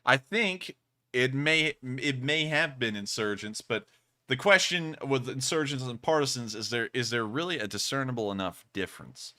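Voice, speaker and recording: A man's voice: medium pitch, normal speed, pushed and bright. A young man hosting a casual livestream, thanking donors with laughter and rambling asides. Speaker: livestream host.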